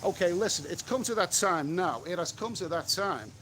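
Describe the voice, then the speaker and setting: A middle-aged man with a fairly high voice chats bluntly through a street livestream, answering viewers as he goes. Faint traffic hums behind him in the open air, and he snaps quickly at anyone who needles him. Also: expressive, sharp tone. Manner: blunt, chatty, quick to snap at trolls. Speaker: travel vlogger reading live chat. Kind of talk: casual livestream chat. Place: outdoors on a city street.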